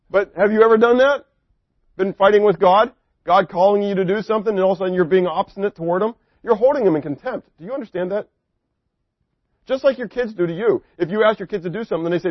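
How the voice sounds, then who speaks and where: A man preaching a sermon, animated, asking the congregation questions and acting out quotes. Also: sits high, a little fast, dry recording. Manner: animated, asks the audience questions, acts out quotes. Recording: dry, dull lo-fi recording.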